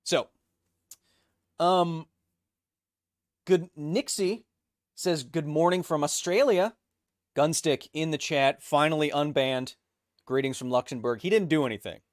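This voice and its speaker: In a clean, dry studio recording, a fairly high-pitched man in his thirties runs a casual livestream. Joking around, he reads out viewer comments with quick asides, interrupted by fits of coughing.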